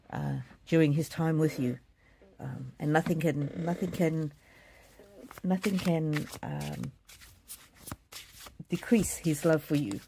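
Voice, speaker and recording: Soft-spoken woman giving a gentle reading. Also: deep voice, creaky. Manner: gentle, halting, many ums and repeats. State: choked up with emotion. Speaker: psychic card reader. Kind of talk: live oracle card reading.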